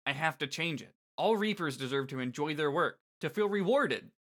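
A man's voice: fairly high pitch, expressive, moderate pace, fairly bright tone. Man reading as an earnest young reaper woman. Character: earnest young female reaper, frustrated idealist.

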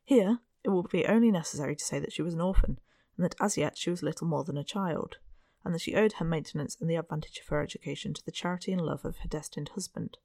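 Reader for a classic-novel audiobook: steady, unhurried delivery, mid pitch, bone-dry close mic. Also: vocal fry, dry recording. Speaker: audiobook narrator. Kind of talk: scripted narration of a Victorian novel.

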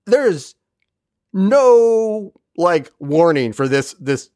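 A man with a high voice speaks extremely slowly in a clean, echo-free studio recording. He's co-hosting a podcast, recapping an episode in casual, animated chat and acting out the characters' lines as he goes.

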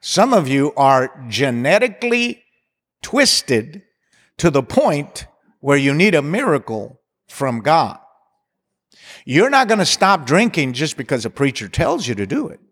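A man's voice: fairly high pitch, sing-song, measured pace, fairly bright tone, breathy edge, long reverb tail. A man preaching a sermon, building to passionate appeals and mixing in humor. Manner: preaching with rising intensity and leading songs. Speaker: pastor.

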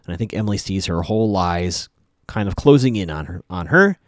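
A man's voice: low voice, expressive, brisk, no echo, studio quality. A man hosting a podcast, casually recapping a TV episode with chatty, wry asides.

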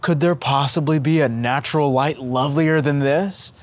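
A man's voice: fairly high pitch, normal speed, close to an everyday voice. A man voicing an elderly priest who asks hesitant, wondering questions in awe. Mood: awed.

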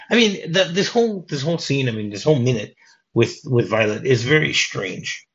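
A man chats on a film podcast at an everyday middle pitch, starting over and repeating words as he thinks aloud. The audio is dull and slightly lo-fi. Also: expressive. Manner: halting, repeats words often. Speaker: podcast host. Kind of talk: casual film discussion.

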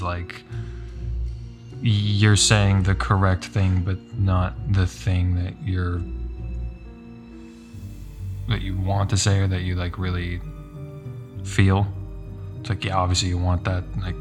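Very low-voiced man, casual player. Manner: casual, rambling with fillers. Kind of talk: tabletop role-play.

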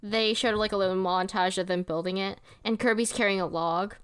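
A woman co-hosting a podcast in casual chat, chiming in with quick agreements. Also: medium pitch, steady tone, a crowd in the background. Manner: chimes in with short agreements and laughs. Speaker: podcast co-host.

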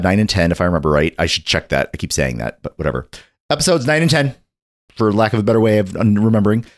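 A man co-hosting a casual podcast, his voice swinging up and down with lively intonation. He talks in a playful, joking way, rambling on as he promotes the show. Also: on the low side. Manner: playful, jokey, rambling plugs. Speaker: podcast co-host.

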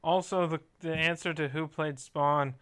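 Brief: dry, joking podcast co-host, smooth bright voice, unhurried. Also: medium pitch, fairly even intonation. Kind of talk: casual podcast chat.

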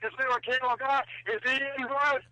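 A brash tough-guy wrestling star calls in, as a man puts him on over the phone. The voice sits high for a man and sounds dry and close, with no room around it. He drawls and teases, gruff and cocky throughout. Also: little pitch movement, brisk, pushed and bright, no room sound, exaggerated voice, rough recording. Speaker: caller. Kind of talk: prank phone call impression.

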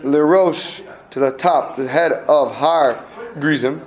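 A man's voice: on the high side, slow, highs cut off. A man teaching a class, reading a text aloud and translating it line by line, checking in with his students. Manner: reads phrase by phrase, translating each; asks students questions, repeats himself.

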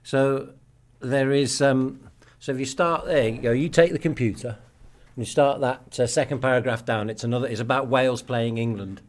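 A man's voice: mid-range voice, normal speed, hardly any pauses. A man co-hosting a casual podcast, prompting his partner with dry humour. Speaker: podcast co-host. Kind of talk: casual chat.

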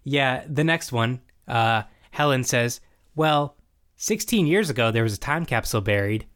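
A man's voice: medium pitch, expressive, moderate pace, fairly bright tone. Male co-host, casual, acts out quoted lines while recapping. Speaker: podcast co-host recapping a show. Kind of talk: casual chat.

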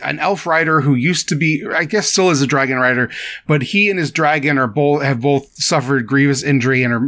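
A man's voice: medium pitch, a bit bright. A man co-hosting a podcast, chatting casually and rambling through a summary with hesitant fillers and restarts. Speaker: podcast co-host. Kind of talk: casual chat.

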